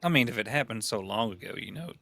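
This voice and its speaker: A man's voice: on the low side, animated, fast talker, creaky, a bit bright. A man in a roleplay game, chatting in a casual, jokey way. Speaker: fellow roleplay player. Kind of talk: in-character roleplay chat.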